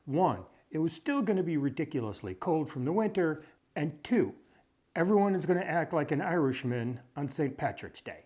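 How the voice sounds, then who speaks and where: A man's voice: a little high, big pitch swings, moderate pace, a little mellow. A man from the Chicago area hosting a home cooking video, talking in a dry, wry, matter-of-fact way. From Chicago area, USA. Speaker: cooking show host.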